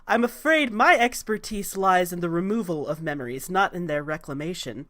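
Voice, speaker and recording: A woman's voice: lowish voice, animated, moderate pace, a bit bright. Raven Queen, a woman playing a cool regal demigoddess. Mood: formal.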